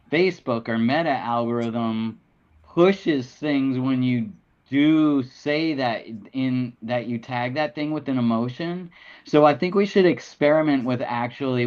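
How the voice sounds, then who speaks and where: Halting man on dull lo-fi audio. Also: medium pitch, clean tone. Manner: hesitant, halting with restarts. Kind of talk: casual meeting chat.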